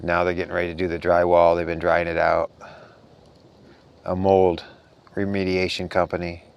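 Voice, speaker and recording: A man's voice: deep voice, monotone, moderate pace, creaky, clean tone, dull audio. A man giving an earnest, rambling spiritual talk in a casual monologue, sounding a little tired. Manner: earnest, rambling, soft-spoken. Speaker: spiritual vlogger.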